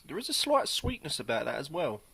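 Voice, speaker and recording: A man giving a casual, rambling beer tasting review, pausing often as he thinks aloud. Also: fairly high pitch, wildly swooping pitch, vocal fry, pushed and bright, husky. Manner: rambling, hesitant, many pauses.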